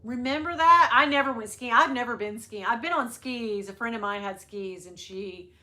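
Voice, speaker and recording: Chatty woman hosting a livestream, rambles and laughs a lot, bright voice. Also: on the high side, normal speed. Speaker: livestream host. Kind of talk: casual chat with live viewers.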